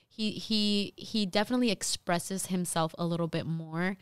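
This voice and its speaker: A woman's voice: fairly low pitch, fairly even intonation, unhurried, clean tone, dry recording. Young woman co-hosting a chat podcast, talkative, laughs easily, dry close sound. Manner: chatty, laughs often, says "like" a lot. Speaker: podcast co-host, mother. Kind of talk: casual chat.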